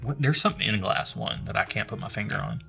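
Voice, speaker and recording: A man with a slightly low but bright voice talks loosely about whiskey. He jokes with his co-host and drifts off topic. The pace is easy, with soft music behind him. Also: fast, gravelly. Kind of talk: casual chat.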